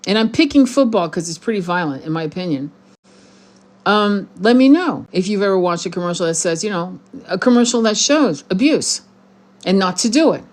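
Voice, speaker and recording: A woman's voice: mid-range voice, darkish tone. A woman hosting her spiritual channel, talking bluntly and heatedly to her viewers in a profane, rambling monologue with many restarts. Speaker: tarot channel host.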